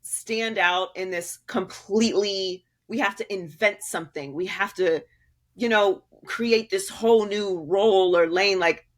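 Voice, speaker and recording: A woman's voice: mid-range voice, measured pace. A woman guest in an interview, speaking candidly and emphatically, laughing often and restarting her sentences. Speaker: sports media guest.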